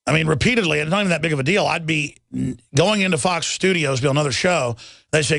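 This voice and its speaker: A man's voice: on the high side, fast, creaky, fairly bright tone, dry recording. A middle-aged man hosting a talk radio show, reading headlines and ranting in a heated, rambling way, often repeating himself. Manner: heated, rambling, repeats words when agitated.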